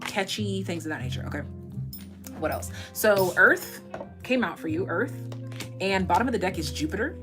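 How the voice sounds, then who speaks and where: A woman's voice: mid-range voice, lively intonation, moderate pace, music in the background. A woman doing a casual live tarot reading, chatty and rambling, swearing freely and laughing at her own jokes. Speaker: tarot reader.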